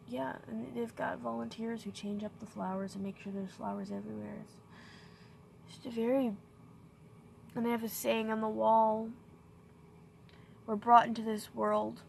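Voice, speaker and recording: A young woman talking to her own camera in a personal vlog, grieving, soft-spoken and halting, her sentences often trailing off. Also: a little high, vocal fry, a little hiss or hum. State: grieving, emotional. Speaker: vlogger. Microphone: self-filmed on camera.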